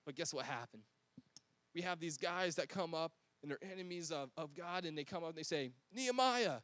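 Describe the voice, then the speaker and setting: High-voiced casual male preacher. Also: brisk, a bit bright, no room sound. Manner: casual, conversational, slangy. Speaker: pastor. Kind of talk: sermon.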